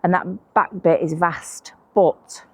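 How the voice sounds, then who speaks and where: A woman with a slightly low voice talks casually outdoors while she works on her allotment plot. She explains her plans to camera in a chatty, self-mocking way. Now and then she drops into hushed, conspiratorial asides. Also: steady tone, slow, husky, no room sound. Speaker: allotment vlogger. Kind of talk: casual chat while gardening.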